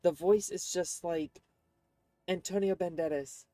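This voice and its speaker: A woman's voice: lowish voice, fairly even intonation, a little slow, mellow, no room sound. A woman streaming a game and commenting casually, often rambling and searching for words.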